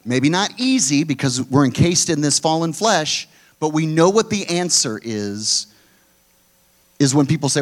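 Middle-aged man, pastor, sermon delivery, forceful emphasis with quiet low drops. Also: animated, a little slow. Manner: emphatic preaching, swinging between loud high pushes and low quiet drops.

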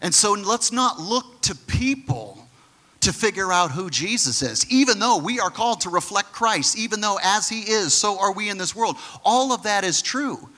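Pastor, male: bright, forceful, slightly higher voice; talks the congregation through scripture conversationally. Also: lively intonation, normal speed. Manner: conversational teaching with frequent restarts; acts out the quoted figures in his own voice. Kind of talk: sermon.

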